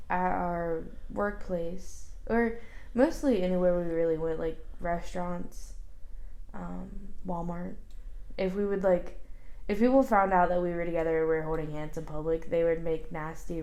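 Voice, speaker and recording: A woman's voice: fairly low pitch, darkish tone. A young woman chatting casually as a video co-host, blunt and matter-of-fact. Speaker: YouTube co-host. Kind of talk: casual chat.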